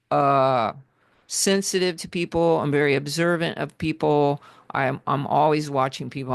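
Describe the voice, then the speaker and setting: A woman's voice: deep voice, smooth, dry recording. A woman speaking as a guest on a video call, heartfelt and rambling with restarts. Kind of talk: casual conversation.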